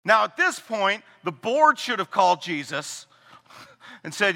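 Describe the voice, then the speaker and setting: A man preaching a sermon as pastor, animated and joking, acting out the people he quotes. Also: high voice, a little slow, gravelly. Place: church sanctuary. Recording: long hall reverb.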